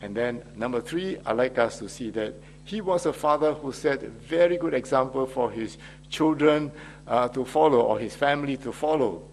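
A man preaching a Father's Day sermon as pastor, in a measured delivery with frequent hesitations. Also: medium pitch, slight background noise.

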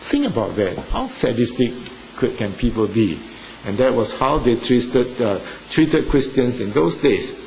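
A male preacher speaking at a mid pitch, earnest and halting, dotting his sentences with fillers and lifting his voice for emphasis. A faint hiss of background noise sits under the recording. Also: big pitch swings, a little mellow, poor audio. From Singapore or Malaysia. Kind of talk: sermon.

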